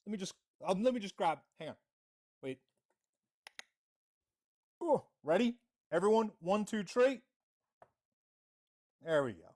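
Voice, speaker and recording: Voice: mid-range voice, very animated, measured pace, long pauses, a little mellow. A livestream host giving confrontational commentary, reading out messages and mocking the other side. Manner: reads out chat messages.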